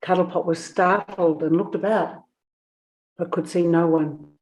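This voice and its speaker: Woman reading a children's book aloud, expressive, lowish voice. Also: a little slow. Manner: expressive, storytelling. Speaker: narrator.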